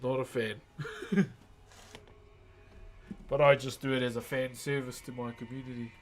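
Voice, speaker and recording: A man's voice: mid-range voice, a little slow. Chatty New man streaming. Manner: relaxed, chatty, thanks viewers often. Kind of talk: casual live-stream chat while working.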